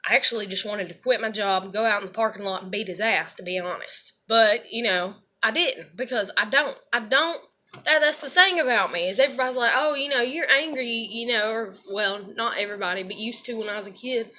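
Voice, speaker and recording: A woman's voice: medium pitch, a little fast, bright, forceful tone. A woman venting in a rambling personal monologue, swearing heavily and leaning on fillers as she talks. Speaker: vlogger.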